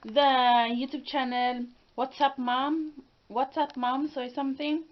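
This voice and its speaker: A woman in her twenties, a daughter co-hosting a vlog, gives a casual video tour of a room in her home, laughing easily and searching for words. Her high-pitched voice is steady and slow, and the home recording sounds dull and lo-fi with noise in the background.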